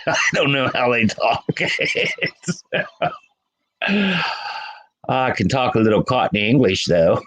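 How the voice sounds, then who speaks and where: A man's voice: medium pitch, animated, takes it slowly, long pauses, fairly bright tone, poor audio. A man hosting a casual livestream, chatting with viewers by name and laughing often. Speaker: livestream host.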